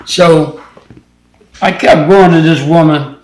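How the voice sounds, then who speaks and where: A man's voice: on the high side, fairly even intonation, slow pace, a little mellow, roomy sound, rough recording. An older man from Louisiana telling stories from his youth in a loose, rambling way, full of "you know" and "right?" fillers, as an interview guest. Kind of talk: casual storytelling.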